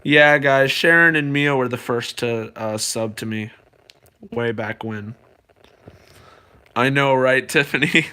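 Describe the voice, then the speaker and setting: A young man, a balloon artist, chatting excitedly and jokingly with viewers on a live stream. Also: mid-range voice, takes it slowly, pauses often, clean tone. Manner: excitable, joking, playful voices.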